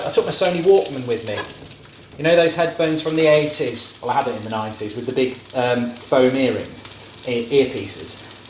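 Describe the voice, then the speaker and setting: A man's voice: on the high side, echoey room, slight background noise. A man in his thirties cooking and chatting casually, rambling through jokey, opinionated rants, recorded in a home kitchen with frying sizzling behind. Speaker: vlogger cooking on camera. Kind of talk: casual chat while cooking.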